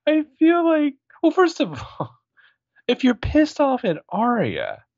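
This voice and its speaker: A man's voice: very high voice, wildly swooping pitch, slow pace, no room sound, muffled recording. A man co-hosting a casual podcast, laughing often, riffing on the plot and poking holes in it with jokey asides. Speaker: podcast co-host. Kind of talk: casual recap chat.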